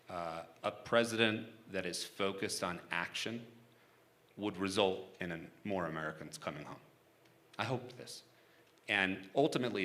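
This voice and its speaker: A man with a deep, slightly bright voice talks onstage in an interview about his hostage negotiation work. He is casual and candid, laughs frequently, and keeps restarting his sentences.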